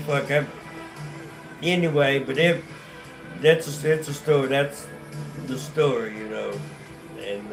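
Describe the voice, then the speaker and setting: A man with a North Carolina accent telling his life story on a casual livestream, rambling and profane, with many restarts and fillers. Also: medium pitch. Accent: North Carolina Southern.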